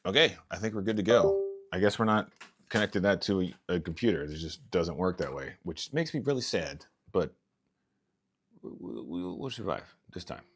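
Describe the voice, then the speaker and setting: A man's voice: low voice, expressive, normal speed, slight background noise. A man hosting a casual live unboxing stream at home, thinking aloud and trailing off as he reads through settings. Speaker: RC hobby channel host.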